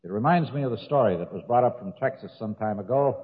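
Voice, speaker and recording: Husky older guy, folksy joker, tinny old tape, echoey hall. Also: lowish voice, animated, fast talker. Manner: folksy joke-teller, chuckles at his own stories. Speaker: speaker sharing his drinking story. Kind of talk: recovery talk with jokes. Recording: tinny old recording with long hall reverb.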